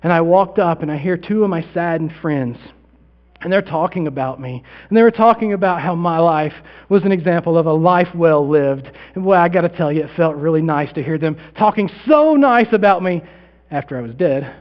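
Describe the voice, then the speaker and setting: A pastor performing a first-person dramatic monologue in a sermon, with long pauses, sinking to a hush and then swelling loud. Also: male voice, fairly high pitch, expressive, highs cut off. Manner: theatrical storytelling with long pauses, dropping to near-hushed then swelling loud.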